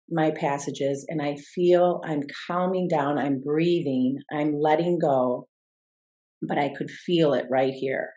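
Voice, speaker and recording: Low-voiced woman telling a reflective story. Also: a little mellow. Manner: reflective, slows down to stress key words. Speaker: guest, former swimmer and mindset coach. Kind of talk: storytelling in a podcast interview.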